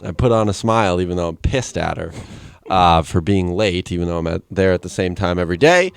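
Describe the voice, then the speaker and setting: A man's voice: low-pitched, lively intonation, brisk, creaky, clean tone, no room sound. A young man co-hosting a podcast, telling a rambling story in casual chat, swearing and laughing often. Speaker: podcast co-host.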